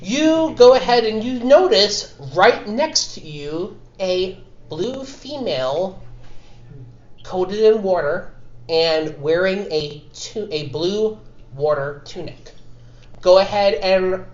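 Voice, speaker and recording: A man running a tabletop game as game master, narrating in a halting, self-correcting way. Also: high voice, animated. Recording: dull, echoey room.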